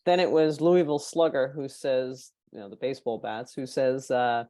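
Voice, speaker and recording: Her voice sits extremely low, moving at a moderate pace with hardly any pauses and no room sound. A marketing consultant on a podcast as a guest, she chats casually through anecdotes, animatedly performing the people she quotes.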